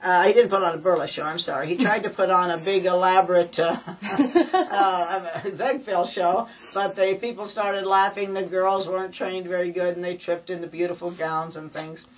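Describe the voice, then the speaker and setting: A woman's voice: fairly low pitch, steady tone, normal speed. Old lady telling showbiz stories, rambly and chuckly, sorta far from the mic. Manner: rambling anecdotal, laughs while talking. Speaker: former burlesque dancer. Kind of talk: storytelling guided tour.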